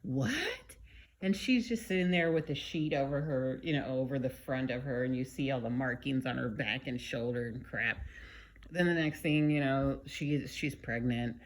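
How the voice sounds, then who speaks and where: A woman casually recapping a movie, chatty and animated, with frequent fillers and wry side remarks. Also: very deep voice, moderate pace. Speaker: vlogger.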